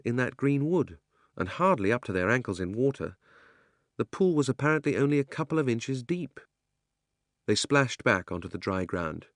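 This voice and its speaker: Expressive male storybook narrator. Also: lowish voice, dry recording, clean studio sound. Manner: measured, expressive reading. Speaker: audiobook narrator.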